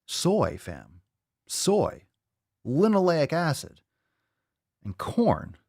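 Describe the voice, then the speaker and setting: A man's voice: on the high side, huge pitch swings, extremely slow, gravelly, a little mellow, breathy edge, dry recording, clean studio sound. A man hosting a show, mocking and exasperated as he reacts to a video clip and swears freely. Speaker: host reacting to clips. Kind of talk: casual reaction commentary.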